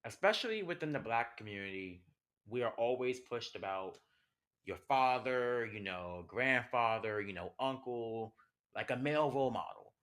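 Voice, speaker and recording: Passionate young man, bright voice. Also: medium pitch, expressive, normal speed. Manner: passionate, conversational, rhetorical questions. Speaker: podcast host. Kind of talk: personal monologue.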